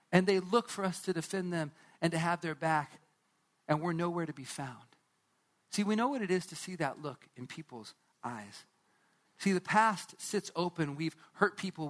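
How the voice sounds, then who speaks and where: A man's voice: sits high, a bit bright. A man preaching a sermon, retelling a story dramatically and speaking directly to his listeners. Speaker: pastor.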